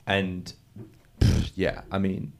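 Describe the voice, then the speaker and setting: Earnest man, fairly low-pitched, gushing guest in casual conversation. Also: flat delivery, slow pace, creaky, a little mellow. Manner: earnest, gushing, restarts often. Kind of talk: emotional casual chat.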